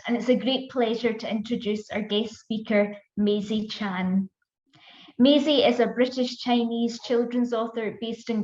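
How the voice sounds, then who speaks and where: A woman's voice: a little high, a little mellow. A woman hosting an online event, reading a friendly scripted introduction with small slips. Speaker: event host. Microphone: video call. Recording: echoey, dull lo-fi video call audio.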